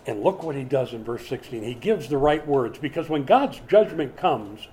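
Man, preacher, sermon, mellow tone, conversational, animated swings, repeats words mid-thought, faint background hiss. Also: mid-range voice, moderate pace, few pauses. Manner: repeats words while building a point. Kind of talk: expository sermon.

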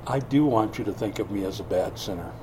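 An older man preaching a sermon in a church, swinging from loud bursts to hushed asides. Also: fairly low pitch, expressive, fairly quick, background noise. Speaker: pastor.

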